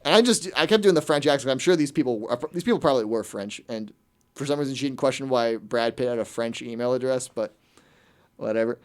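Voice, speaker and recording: Radio host, male, rapid-fire delivery, mocking and incredulous, casual banter. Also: medium pitch, clean tone. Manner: fast, incredulous, mocking ranting. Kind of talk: casual comedic chat.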